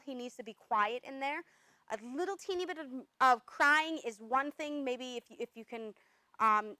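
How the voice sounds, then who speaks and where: A woman dog trainer explaining commands step by step, breaking off to give sharp corrective noises and praise. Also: high voice, no echo, rough recording. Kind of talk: instructional demonstration.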